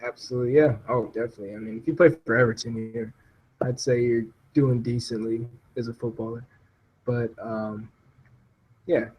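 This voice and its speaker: Husky young guy talking soccer, jokey and mocking, laughs a lot. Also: medium pitch, steady tone, moderate pace, a little mellow, poor audio. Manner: joking, mocking, laughs often. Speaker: podcast guest. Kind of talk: casual sports chat.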